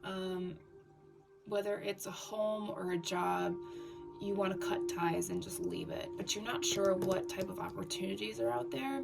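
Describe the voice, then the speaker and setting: A woman giving a tarot reading in a scratchy voice, talking haltingly with fillers and restarts. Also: mid-range voice, very animated, vocal fry. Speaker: tarot reader. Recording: distant mic with background music.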